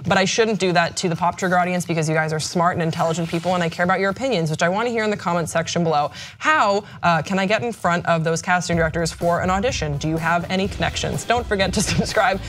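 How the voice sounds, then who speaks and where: Excited, rambling woman hosting a talk show. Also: lowish voice, fast, hardly any pauses, faint music behind. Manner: excited, rambling, self-deprecating. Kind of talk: casual chat.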